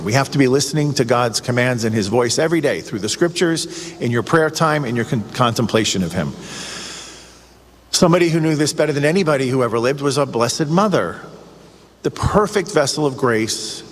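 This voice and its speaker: A man's voice: mid-range voice, lively intonation, a little fast, slightly rough, big-room sound. A man preaching a radio sermon, earnest and emphatic, with lots of rhetorical questions. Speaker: radio show host giving a reflection.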